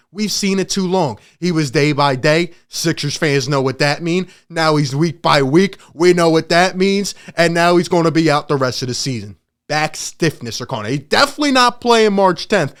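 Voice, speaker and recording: A man hosting a sports channel, ranting in emphatic, excitable commentary and laughing often. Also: high-pitched.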